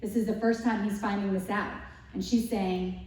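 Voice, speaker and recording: A woman giving a casual Bible lesson, retelling the story in a lively way with rhetorical questions to her listeners. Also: medium pitch, moderate pace. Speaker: Bible study teacher. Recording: echoey room, distant mic.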